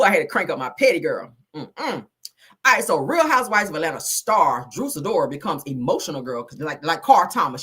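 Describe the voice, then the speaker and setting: A woman's voice: deep voice, a bit bright, breathy edge. A woman hosting casual reality TV gossip commentary, sassy, blunt and full of slang. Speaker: host.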